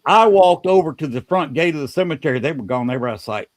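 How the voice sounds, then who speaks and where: A man hosting a podcast, telling a story in a casual, halting way and often repeating words. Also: fairly high pitch, lively intonation.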